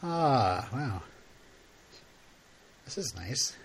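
A man's voice: extremely slow, gravelly, breathy edge. A man co-hosting a movie commentary podcast, chatting casually and laughing easily. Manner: laid-back, chuckling, animated pitch. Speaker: podcast co-host.

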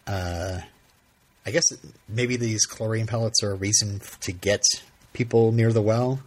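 A man's voice: fairly low pitch, fairly even intonation, a little slow, darkish tone, a little hiss or hum. A man hosting a podcast, retelling a TV episode in casual chat, rambling with frequent laughs and restarts. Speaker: podcast host.

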